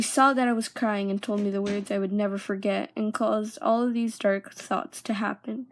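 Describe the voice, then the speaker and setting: A young woman vlogger telling a personal story, halting at times and dropping into hushed whispers. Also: medium pitch, fairly even intonation.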